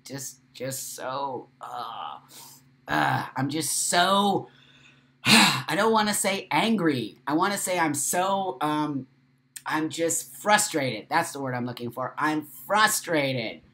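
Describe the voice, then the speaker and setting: A man's voice: a little high, lively intonation, slow pace, creaky, pushed and bright. A man hosting a casual livestream, talking passionately and bluntly, swearing freely and emotional after crying. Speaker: live show host.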